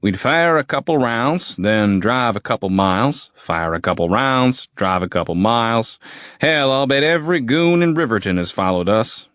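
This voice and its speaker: A man's voice: mid-range voice, expressive, normal speed, a bit bright, no room sound, pitched above the performer's own voice, close to an everyday voice. A man voicing a crude, cocky male army veteran with a drawl, foul-mouthed and taunting, in a dry, close audiobook recording. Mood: gloating. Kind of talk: audiobook character voice.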